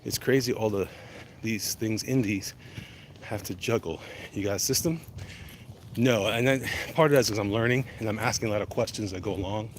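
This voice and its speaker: A vlogger walks outdoors in the cold, chatting casually on a livestream, rambling and reading viewer comments aloud as he goes. His lowish voice moves a little fast, with a little hiss or hum in the recording.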